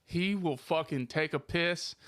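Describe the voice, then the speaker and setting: A man's voice: a little high, measured pace, a bit bright, dry recording. A man co-hosting a casual podcast on a studio microphone, ranting about pet peeves with exaggerated complaints and constant swearing. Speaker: podcast co-host. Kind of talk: casual profane podcast banter.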